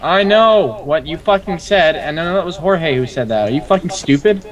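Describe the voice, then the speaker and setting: A young man gaming with friends, angrily venting and cursing, his voice a little high and swinging up and down a lot as he complains. He sounds fed up and keeps calling for help. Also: expressive, normal speed, recorded from a distance, lo-fi sound, a crowd in the background. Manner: angry, complaining, swearing. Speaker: gamer. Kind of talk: casual game chat.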